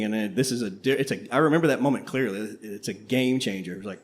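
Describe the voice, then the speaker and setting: A man's voice: on the low side, a little fast, few pauses. An older man, a history teacher and grandfather, talking casually on a panel in a reflective, rambling way and laughing often. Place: coffeehouse before a live audience.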